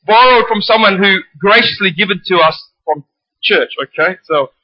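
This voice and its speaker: A high-pitched man preaching with fervor, his voice climbing to shouts and dropping back to earnest quiet. The sound is close and dry, a little dull and muffled. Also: moderate pace, no echo. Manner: passionate, rising to shouts, with animated storytelling. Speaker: pastor. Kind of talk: sermon.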